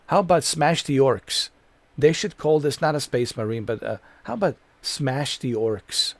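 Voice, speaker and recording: A man's voice: on the high side, animated, moderate pace, gravelly, dry recording. A man giving a gameplay commentary rant, exasperated and profane, repeating his complaints over and over. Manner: exasperated, profane, repetitive ranting. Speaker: gamer streamer.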